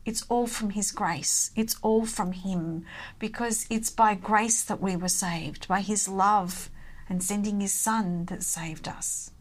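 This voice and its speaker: Female guest, unhurried, earnest personal reflection. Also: mid-range voice, fairly even intonation. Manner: earnest, personal, speaks of her own faith. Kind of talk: devotional conversation.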